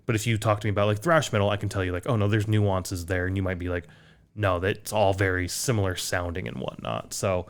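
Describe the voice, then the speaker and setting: A man's voice: deep voice, steady tone, fairly quick, clean tone. Rambling American man chatting casually. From United States. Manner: rambling, self-deprecating, laughs at own slips. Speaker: podcast co-host. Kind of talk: casual chat.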